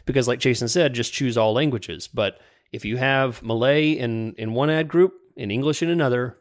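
An easygoing man co-hosting a chatty podcast, his voice sitting at an ordinary middle pitch. He laughs easily and often starts a sentence over as he thinks aloud. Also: normal speed. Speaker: podcast co-host. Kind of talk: casual chat.

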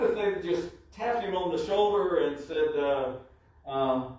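Slow, emphatic man preaching in echoey church. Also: fairly high pitch, a little mellow. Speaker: pastor. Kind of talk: sermon. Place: church sanctuary. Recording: very echoey church, mic from far off.

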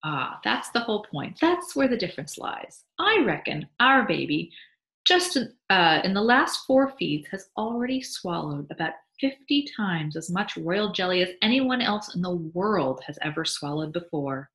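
A woman's voice: fairly low pitch, big pitch swings, normal speed, a bit bright. A woman voicing a sly, boastful male beekeeper who teases his wife, in a read-aloud story. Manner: teasing, pleased with himself. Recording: echoey room.

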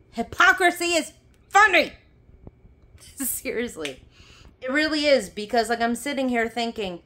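A woman's voice: fairly high pitch, sharp tone. A young woman ranting to her phone camera, heated and sarcastic, swearing and laughing bitterly. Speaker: vlogger. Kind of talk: angry personal rant to camera.

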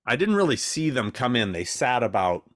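A man's voice: mid-range voice, normal speed, no room sound, clean studio sound. A man co-hosting a podcast, telling stories in a casual, profane way and acting out other people's voices. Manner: animated storytelling, profane, acts out voices. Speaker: podcast co-host. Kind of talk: casual chat.

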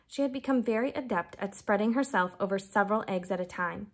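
Woman reading a children's novel aloud. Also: a little fast. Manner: lifts her pitch for quoted lines. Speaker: reader.

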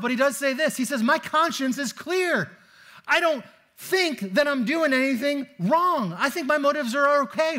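A man's voice: extremely high pitch, pushed and bright. A man preaching a sermon in a church, talking in a conversational, storytelling way with casual fillers. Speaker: pastor. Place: church sanctuary.

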